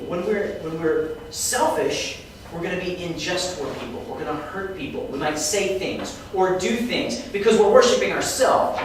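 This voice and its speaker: High-voiced man teaching a youth class. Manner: lively, quizzes the class with questions. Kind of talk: Bible lesson to students. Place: classroom with students. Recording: echoey room, mic far off, faint noise.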